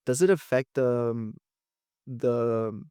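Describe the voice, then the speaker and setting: A man's voice: medium pitch, dark tone, clear, resonant tone, dry recording. A man whose first language is Portuguese hosts the podcast. He speaks with a stutter and halts often to restart his phrasing. The recording is dry and close. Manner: halting, many restarts and fillers. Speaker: podcast host. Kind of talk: casual interview chat.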